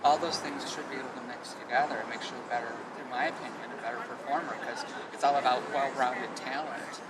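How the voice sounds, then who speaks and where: A male stand-up comedian telling stories in a candid interview, animated and exasperated as he rants. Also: medium pitch, quick pace. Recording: distant mic, street noise and traffic.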